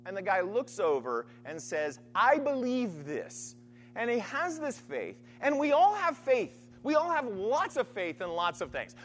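A man's voice: high-pitched, slight background noise. A man preaching a sermon in a conversational style, often checking in with "right?". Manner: conversational, keeps asking "right?"; animated storytelling.

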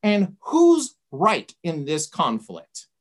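A woman's voice: fairly low pitch, wildly swooping pitch, slow pace. A woman giving an informal lecture, retelling a story conversationally and often checking in with "right?".

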